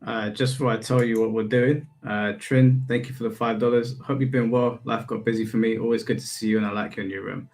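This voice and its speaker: A man's voice: lowish voice, little pitch movement, brisk, creaky, few pauses, darkish tone. Man playing a tabletop game, casual. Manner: stumbling restarts. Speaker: player and streamer. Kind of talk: casual chat.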